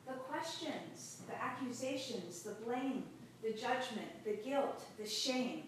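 A woman pastor delivers a sermon in a slow, measured storytelling voice, pausing often. She sounds distant from the microphone, and her voice rings through a very echoey hall with faint background noise. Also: a little high.

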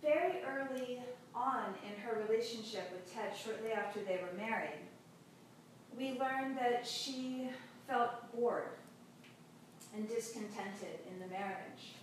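A woman pastor delivers a sermon in a slow, measured storytelling voice, pausing often. She sounds distant from the microphone, and her voice rings through a very echoey hall with faint background noise. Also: a little high.

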